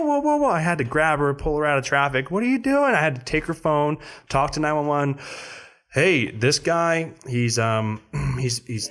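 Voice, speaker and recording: A man on a podcast telling a story in casual chat, acting out other people with sudden high voices. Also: fairly bright tone. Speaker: podcast co-host.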